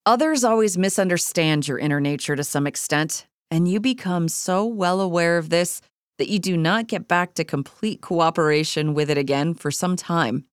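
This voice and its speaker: A woman reading a self-help book aloud as an audiobook, in a measured, earnest way with calm, deliberate repetitions. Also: lowish voice, clear, resonant tone, no echo, clean studio sound. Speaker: audiobook reader. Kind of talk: scripted audiobook narration of a self-help text.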